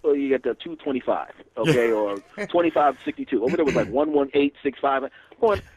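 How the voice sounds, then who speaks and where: A man, a comedian telling stories in an animated, profane way as a guest. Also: medium pitch, fast talker, slight background noise. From Philadelphia area, USA. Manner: animated, swearing, laughs often, acts out dialogue. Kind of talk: casual storytelling interview. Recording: dull lo-fi radio recording.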